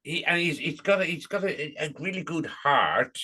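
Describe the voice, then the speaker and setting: A man's voice: fairly high pitch, animated, normal speed, sharp tone. A man hosting an interview podcast, chatting casually with his guest and reminiscing. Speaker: podcast host.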